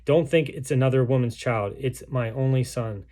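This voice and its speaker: A man's voice: mid-range voice, normal speed, dark tone, natural voice. A man reading aloud the words of a starving, grief-stricken mother in a besieged city, in a solemn, pleading way. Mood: bitter, accusing.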